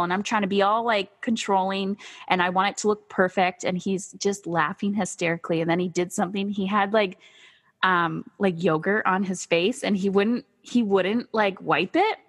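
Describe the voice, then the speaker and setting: A woman hosting a podcast interview, telling stories and acting out herself and her kids in a lively, casual way. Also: mid-range voice, moderate pace. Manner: animated storytelling, acts out her kids and herself. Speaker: podcast host.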